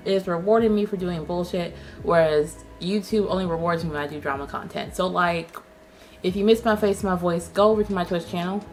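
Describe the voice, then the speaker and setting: Young woman host, sassy and salty, low-ish voice, faint music under. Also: brisk. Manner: sassy, profane, animated storytelling. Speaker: YouTube host. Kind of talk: casual chat.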